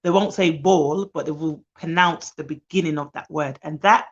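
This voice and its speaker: Tired, fast-talking woman nanny on a live stream. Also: low-pitched, lo-fi sound. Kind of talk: live-streamed advice talk.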